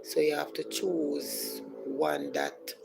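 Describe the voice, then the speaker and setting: A woman with a Jamaican accent hosting a live podcast, explaining steps at a relaxed pace and greeting viewers by name. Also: deep voice, slow pace, creaky, music in the background, low-quality recording. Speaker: podcast host. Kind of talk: casual live-stream chat.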